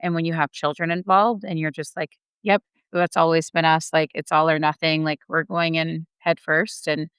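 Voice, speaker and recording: Woman, interview guest, chatty and candid, smooth clear voice, dry sound. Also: low-pitched, little pitch movement, moderate pace, few pauses, fairly bright tone, no room sound. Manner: candid, chatty, laughing between phrases. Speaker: real estate investor guest. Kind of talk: casual interview storytelling.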